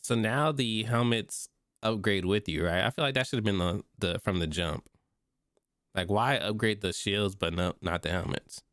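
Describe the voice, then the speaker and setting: Stuffy male streamer with a deep, dry close-mic voice; reads text, then reacts in slang. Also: normal speed, fairly bright tone, no room sound. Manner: reads notes aloud, breaks off into slangy reactions. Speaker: streamer reading and reacting to game patch notes. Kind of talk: casual livestream commentary.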